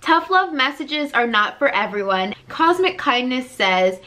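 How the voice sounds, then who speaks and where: A woman's voice: high-pitched, big pitch swings, unhurried, hardly any pauses, bright, forceful tone. A woman life coach hosting her own channel, giving a blunt tough-love talk with lots of energy and repetition. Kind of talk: direct-to-camera motivational vlog.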